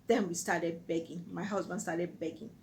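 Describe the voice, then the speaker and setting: A woman's voice: fairly low pitch, steady tone, normal speed, darkish tone, a little hiss or hum, low-quality recording. A Nigerian woman telling a personal story on her vlog in an earnest, vivid way. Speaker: vlogger.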